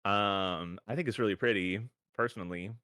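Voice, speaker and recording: A man's voice: lowish voice, moderate pace, bright, forceful tone, clean tone, no echo. A man co-hosting a live fashion review stream, rambling and upbeat, with plenty of filler words. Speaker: co-host reviewing fashion submissions. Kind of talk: casual livestream chat.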